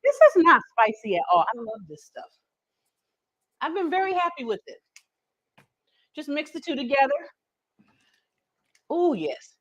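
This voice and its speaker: A woman's voice: sits high, measured pace, pauses often, no echo, low-quality recording. Chatty woman hosting a live cooking stream. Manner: chatty and folksy, talking straight to viewers in chat; animated, with teasing asides. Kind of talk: casual live cooking demonstration.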